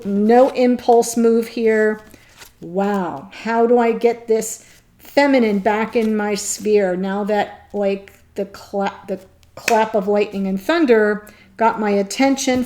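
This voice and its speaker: Woman, tarot reader, slightly high voice, earnest, thinking aloud, speaks to viewers. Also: mellow. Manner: earnest, thinking aloud, pauses between phrases; addresses viewers directly. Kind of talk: tarot reading monologue.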